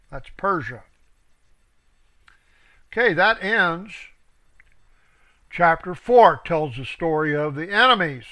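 A man with a high voice and a bright, forceful tone, reading scripture aloud as a preacher. He leans hard on key words and stretches them out. Between passages he drops into quick asides and sometimes stumbles and restarts a word. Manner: emphatic, drawn-out stresses on key words.

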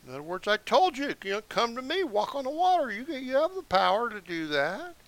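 A man's voice: very high-pitched, sing-song, a bit bright. A man reading scripture verse by verse, breaking in with casual explanatory asides. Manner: slow, deliberate reading broken by casual asides. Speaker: Bible teacher. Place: seated indoors.

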